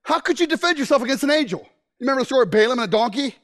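A man delivers a sermon, animatedly telling stories and often restarting his sentences. His voice is very high-pitched and he talks in a rapid-fire rush.

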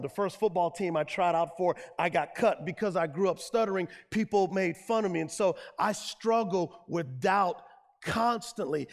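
A middle-aged male pastor preaching a sermon, telling stories and building to shouted climaxes. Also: fairly high pitch. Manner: preaching with rising, shouted peaks.

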